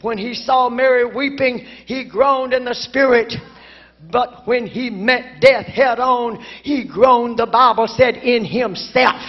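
A woman preaching a sermon emphatically, building to shouted lines and then dropping to a low, quiet delivery. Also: takes it slowly. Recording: dull lo-fi conference recording.

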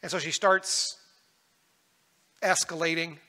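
High bright-voiced pastor preaching. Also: male voice, steady tone, slow. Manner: personal storytelling, earnest. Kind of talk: sermon. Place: church. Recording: echoey church hall.

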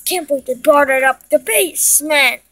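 A woman giving excitable gameplay commentary to her viewers, often breaking into panicked shrieks. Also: high voice, moderate pace, no echo. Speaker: gaming video creator.

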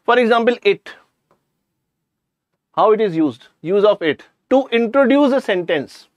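A man's voice: high voice, animated, a little slow, no room sound, highs cut off. A man with an Indian English accent teaching a live online grammar class, chatty, addressing students directly and slipping in jokes.

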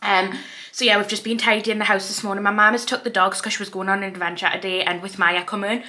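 A woman's voice: medium pitch, little pitch movement, quick pace, sharp tone. A young woman with a Geordie accent, chatting casually to camera in a rambling vlog, with a slight lisp from dental aligners. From North East England. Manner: chatty and rambling, with frequent fillers. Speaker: vlogger.

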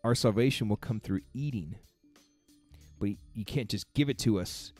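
A man's voice: on the low side, normal speed, darkish tone, faint music behind. A man coaching in a casual devotional talk, earnest and conversational, laughing between his points. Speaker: fitness coach giving a daily faith talk.

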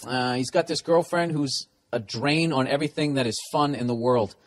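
A man hosting a casual comedy podcast, reading listener letters and ranting in a profane, animated way. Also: mid-range voice, moderate pace. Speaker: podcast host.

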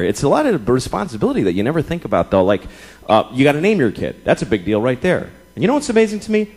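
A man in his thirties does stand-up on a comedy club stage, exasperated and profane, acting out his own inner voices while the audience laughs. His mid-range voice is fast, husky and darkish, with huge pitch swings, picked up by a stage mic along with crowd laughter and noise.

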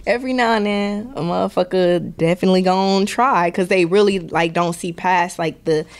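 A woman's voice: lowish voice, moderate pace. A woman from Milwaukee, a podcast guest telling stories in casual chat. She talks bluntly and profanely, laughs often and acts out other people's voices. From Milwaukee, Wisconsin.

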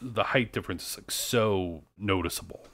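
A man's voice: lowish voice, moderate pace, fairly bright tone. A man co-hosting a podcast in casual, rambling chat, often saying "like". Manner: chatty, rambling, heavy use of "like". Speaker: podcast co-host.

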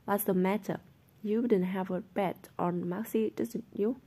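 A woman's voice: medium pitch, steady tone, measured pace, mellow, slightly rough. A woman reading the lines of an earnest, bruised teenage boy who fights, in a blunt, questioning way.

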